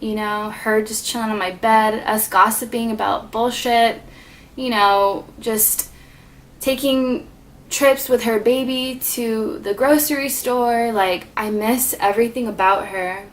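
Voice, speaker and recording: A woman's voice: mid-range voice, a bit bright, slight background noise. A woman vlogger telling a personal story from her apartment, heartfelt and loose, full of "like" and "you know.". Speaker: beauty vlogger.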